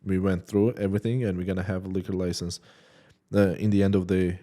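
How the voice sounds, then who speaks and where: A man who owns a restaurant, speaking as a guest in a casual chat, with halting phrasing and frequent restarts. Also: low-pitched, flat delivery, mellow. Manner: halting, restarts sentences, non-native phrasing.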